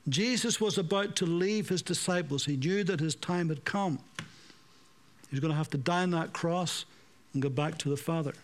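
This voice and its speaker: A man preaching a sermon, swinging between raised emphasis and hushed, slowed passages. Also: fairly high pitch.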